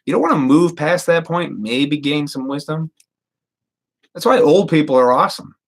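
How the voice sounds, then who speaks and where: A man's voice: on the high side, animated, moderate pace. A man in his thirties rambling casually and profanely to viewers on a live stream. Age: 30s.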